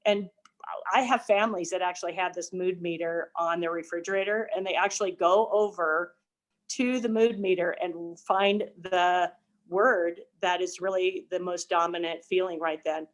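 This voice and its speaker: A woman's voice: on the low side, fairly even intonation, normal speed. An older woman, a family counselor, explaining parenting ideas in an earnest casual discussion. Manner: earnest, explanatory, some restarts.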